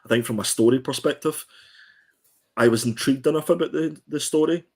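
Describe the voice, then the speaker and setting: A man's voice: medium pitch, a little fast, darkish tone, slightly rough. A man co-hosting a comic book review podcast, chatting casually and hesitantly with many ums and restarts.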